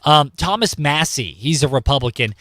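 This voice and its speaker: A man hosts a morning news talk show, chatting casually with his co-hosts between clips. His voice sits a bit high, and the studio sound is close and dry. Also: animated, normal speed, fairly bright tone, dry recording. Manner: conversational, reads listener prompts. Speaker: radio news host. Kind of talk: casual talk radio chat.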